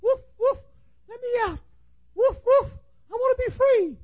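A man's voice: expressive, a little slow, phone-quality sound. A preacher voicing a tiny male Chihuahua that yaps and whines to be let out. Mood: whiny yapping. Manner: squeaky high yapping, whiny pleading. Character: tiny yapping male Chihuahua pleading to be freed.

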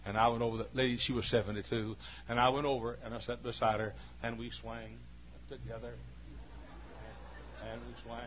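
A man's voice: medium pitch, level tone, a little fast. A man in his forties, a pastor telling a folksy story in a sermon, chatty and full of "uh" fillers. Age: 40s. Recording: dull lo-fi recording with faint hum.

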